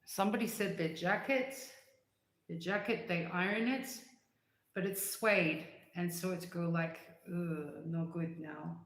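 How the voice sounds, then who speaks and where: Woman livestream host, low voice, unhurried and rambling, chatty with frequent laughs; echoey room. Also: fairly even intonation. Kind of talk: casual chat answering live comments.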